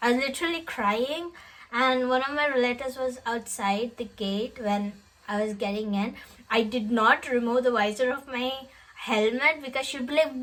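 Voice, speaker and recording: A young woman talking straight to the camera in a relaxed vlog. Her voice sits a little high, and she tells her story in a chatty, emotional way with bits of laughter. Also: rough recording. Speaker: vlogger.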